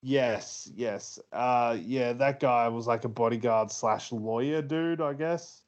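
A man co-hosting a podcast, talking slowly through a film's plot in a loose, rambling way. He pads his sentences with fillers and laughs often. The recording sounds a little dull and muffled. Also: medium pitch. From Australia. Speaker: podcast co-host. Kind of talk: casual movie review chat.

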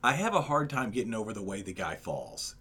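A man with a low voice and a drawl, talking casually on a podcast. He rambles with fillers and restarts but keeps his enthusiasm up. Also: very animated, a little fast, bright, forceful tone, breathy edge. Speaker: podcast co-host. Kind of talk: casual movie ranking chat.

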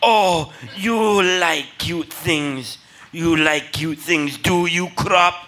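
Guy doing evil boss who hates cute stuff, slooow theatrical menace, high-ish voice. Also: sharp tone, soft background music, full character voice, rough recording. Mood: menacing. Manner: slow, menacing, theatrical rants. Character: evil scheming villain boss, male, middle-aged, hates cute things. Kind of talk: comedy podcast sketch.

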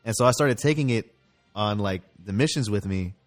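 A man's voice: lowish voice, moderate pace, faint music behind. A man in casual chat, telling stories animatedly and swearing freely. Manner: animated storytelling, heavy swearing.

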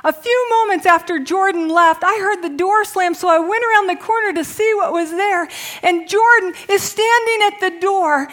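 A middle-aged woman with a high voice, preaching a sermon. She prays softly, almost in a whisper, then moves into lively storytelling. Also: normal speed. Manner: hushed, prayerful when praying, lively storytelling after.

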